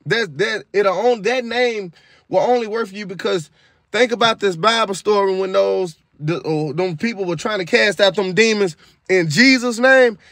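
A man's voice: sits high, moderate pace, a bit bright, no room sound, clean studio sound. A man telling the story of a dream in a casual, emphatic testimony style, repeating himself for effect and dropping into preachy asides. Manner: casual colloquial speech. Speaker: video creator retelling a dream.

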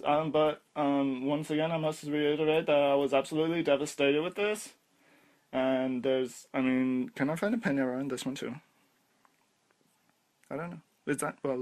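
A man doing a comedic parody toy review, ranting in exasperation and stammering over his words. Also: fairly high pitch.

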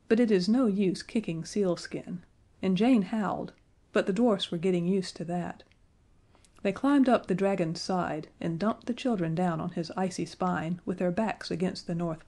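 Mellow woman narrating a storybook. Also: lowish voice. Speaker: audiobook narrator.

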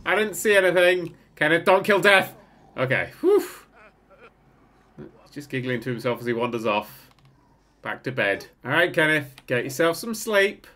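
A man hosting a gaming channel, commentating on a game in an excitable way, often swearing and breaking into laughter. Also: on the high side, normal speed.

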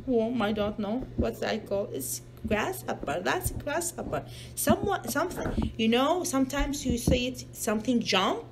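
High lively woman reading to her child. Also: normal speed, gravelly, very noisy. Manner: patient, coaxing, simple non-native English. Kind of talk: reading a picture book aloud with questions.

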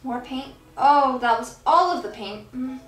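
Young female vlogger, rambling giggly chatter, slightly high voice, roomy echo. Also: unhurried. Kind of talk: casual chat while painting. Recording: echoey room with soft background music.

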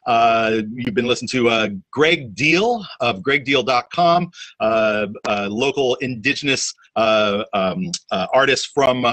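A man hosting a podcast in casual chat, telling a story in a halting way with many "uh"s. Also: mid-range voice, fairly bright tone, low-quality recording. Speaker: podcast host.

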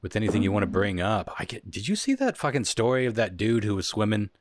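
A man with a very low voice, hosting a casual podcast chat, reading listener letters and laughing often. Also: very animated, fast. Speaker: podcast host.

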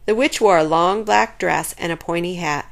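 A woman reading a children's chapter book aloud in an expressive, lively way. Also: lowish voice, normal speed, gravelly. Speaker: storyteller.

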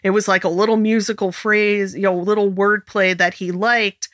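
A woman co-hosting a casual music podcast, unhurried and quick to laugh. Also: mid-range voice, little pitch movement, fairly bright tone, no echo, studio quality. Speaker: podcast co-host.

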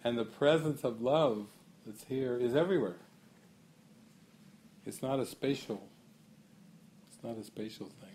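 A man's voice: medium pitch, a little slow, long pauses, darkish tone, a little hiss or hum. Man musing with frequent laughter. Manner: musing, laughing often, asks questions. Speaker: spiritual teacher. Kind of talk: talk to a gathering.

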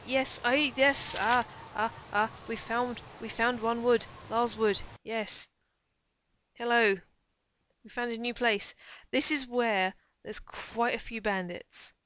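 A young woman hosting a game playthrough, chatty and excitable with quick asides. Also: fairly high pitch. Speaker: let's play host. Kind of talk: casual gameplay commentary. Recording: noisy home commentary track.

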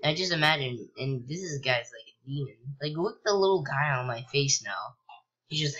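A young man casually commentating a video game he's playing, rambling with lots of ums and likes and sudden excited yelps. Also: mid-range voice, normal speed, highs cut off. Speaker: gameplay commentator. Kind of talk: casual let's-play commentary.

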